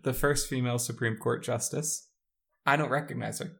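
A man's voice: mid-range voice, steady tone, normal speed, gravelly, a bit bright, slightly rough. A man guessing quotes on a casual podcast, stammering and joking as he goes. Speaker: podcast guest and quiz contestant.

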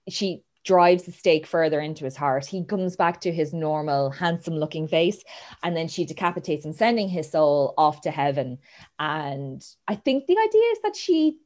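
In a relaxed retelling of a movie's story, this host's low, darkish voice springs into lively impressions of the characters' lines, and she breaks into laughter again and again.

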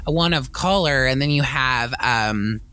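A man's voice: mid-range voice, measured pace, sharp tone, smooth, no room sound. A man co-hosting a casual movie-review podcast, rambling with many fillers and restarts, swearing freely and acting out scenes. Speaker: podcast co-host.

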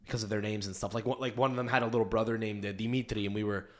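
A man's voice: lowish voice, flat delivery, rapid-fire. A young man hosting a podcast in casual chat, rambling through stories and swearing often. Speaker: podcast host.

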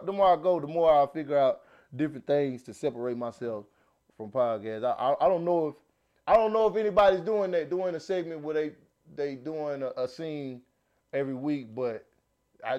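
A man with a Southern accent hosting a casual podcast, animated and laughing, restarting his sentences often. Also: medium pitch, lo-fi sound. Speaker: podcast host.

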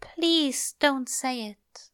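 A woman voicing an anxious, gentle male angel who pleads in a high, trembling voice. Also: extremely slow, full character voice. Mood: pained.

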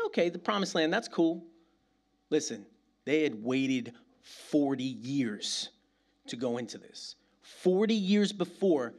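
Middle-aged guy from nyc preaching, chatty and animated, slangy asides, voice sits a bit high. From New York City. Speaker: pastor. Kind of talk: sermon.

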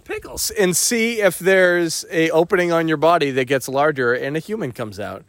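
Male podcast host, slightly high voice, jokey and rambling, casual group chat. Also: a bit bright, no echo. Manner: jokey, rambling, halting restarts.

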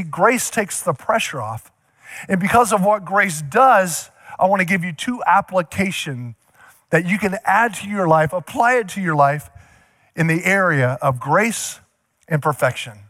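High, bright-voiced preaching pastor. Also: male voice, no echo, clean studio sound. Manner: animated preaching, acting out scenes. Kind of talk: sermon.

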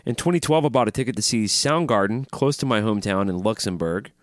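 A man's voice: fairly low pitch, animated, quick pace, no echo, clean studio sound. A man co-hosting a podcast, chatting casually, joking and swearing freely. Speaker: podcast co-host. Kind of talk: casual chat.

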